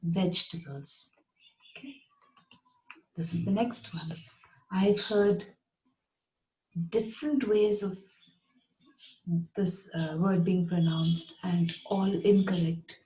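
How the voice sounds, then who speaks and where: A woman teaching English pronunciation, saying each word slowly and carefully and repeating it. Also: lowish voice, steady tone, mellow, rough recording. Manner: slow, careful, repeats words clearly. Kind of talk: pronunciation lesson.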